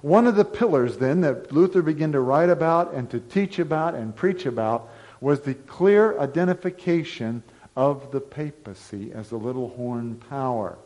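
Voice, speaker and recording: A male pastor with a mid-range voice preaches a sermon. He tells history like a lively story and rises into emphatic declarations. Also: medium pitch, moderate pace, muffled recording.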